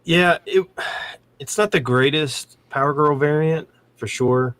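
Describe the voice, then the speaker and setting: A man on a comics live stream, calmly explaining market prices with frequent ums. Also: a little high, measured pace. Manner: relaxed, explanatory, with filler ums. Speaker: comic book market commentator. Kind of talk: casual livestream chat.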